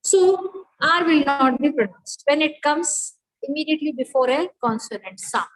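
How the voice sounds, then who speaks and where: Woman, high voice, phonetics lecture, step-by-step explaining. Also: animated, normal speed, poor audio. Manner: explains step by step, checks understanding. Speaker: teacher.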